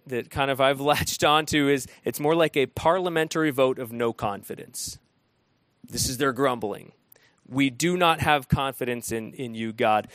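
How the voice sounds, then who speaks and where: A man's voice: on the high side, fairly bright tone, dry recording. Conversational male preacher, dry close sound. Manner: conversational preaching with frequent restarts and dramatized quotes. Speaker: pastor. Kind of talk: sermon.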